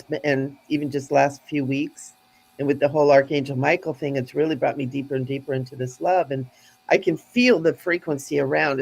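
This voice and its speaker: Woman, gravelly voice, husky edge, earnest spiritual storytelling, restarts sentences. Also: deep voice, a little mellow, rough recording. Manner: earnest, heartfelt, with frequent restarts.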